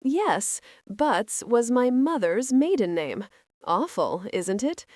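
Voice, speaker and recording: A woman voicing a charming, easygoing male nobleman who talks in a slow drawl, in an audiobook. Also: fairly high pitch, big pitch swings, a little mellow, dry recording, studio quality. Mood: amused.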